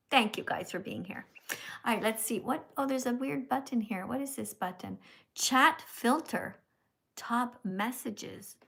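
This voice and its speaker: A woman hosts a live stream in a slightly high voice. She chats casually but slips into scolding, preachy lectures. She keeps tagging her lines with "okay?". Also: fairly bright tone. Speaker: livestream host. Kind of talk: casual livestream chat and lecturing.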